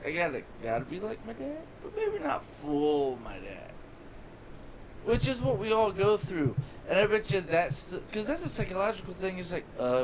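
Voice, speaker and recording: A man with a somewhat high voice talks bluntly in a casual podcast chat, swearing freely as he muses about life. A faint noise runs underneath the recording. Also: huge pitch swings, normal speed. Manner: blunt, profane, philosophizing. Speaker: podcast co-host.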